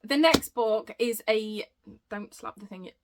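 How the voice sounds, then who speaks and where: Excitable woman gushing about books. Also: a little high, slow pace, background noise. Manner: excitable, gushing, rambling with self-interruptions. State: out of breath. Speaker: book vlogger. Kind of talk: casual chatty book review.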